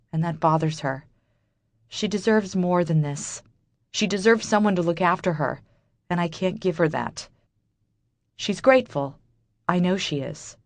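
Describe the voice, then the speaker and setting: A woman reads a first-person audiobook as a bitter, wry inner monologue. Her voice is low for a woman, and the recording is dry and close with no room sound.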